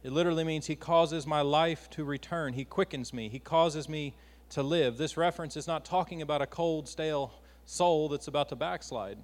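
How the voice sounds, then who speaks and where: A man's voice: a little high, moderate pace, long reverb tail. A man preaching a sermon with passion, his force rising and falling.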